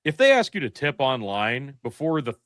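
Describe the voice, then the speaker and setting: A man's voice: medium pitch, normal speed, clear, resonant tone, dry recording, clean studio sound. A man with a Midwestern accent, co-hosting a podcast in casual chat, telling stories with lots of energy and some swearing. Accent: Midwestern American. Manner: animated storyteller, swears freely. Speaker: podcast co-host.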